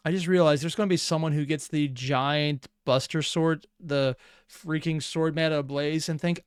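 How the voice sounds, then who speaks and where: Excitable man riffing in reactions. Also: fairly high pitch, normal speed, smooth, dry recording, clean studio sound. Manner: rambling, excitable asides. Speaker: reaction channel host. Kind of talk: casual reaction commentary.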